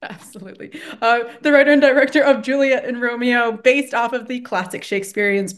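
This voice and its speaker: A woman's voice: a little high, fairly even intonation, a little fast. Giggly woman interviewer. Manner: giggly, self-deprecating, stumbles over words. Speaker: interviewer, host. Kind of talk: casual interview.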